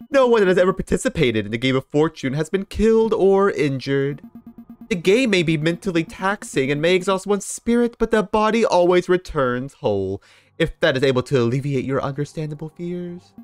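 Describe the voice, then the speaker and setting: A man's voice: fairly high pitch, pitched above the performer's own voice, lightly acted. A man doing a solemn masked cult leader. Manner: formal, reassuring, measured.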